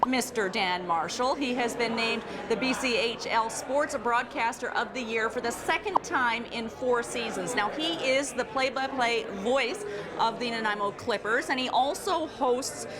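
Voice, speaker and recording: A bubbly woman hosts community television on location at an outdoor festival. Her slightly high voice carries over the chatter of the crowd behind her. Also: measured pace. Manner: bubbly, enthusiastic. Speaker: community TV host. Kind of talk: upbeat on-location hosting. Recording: busy crowd around her.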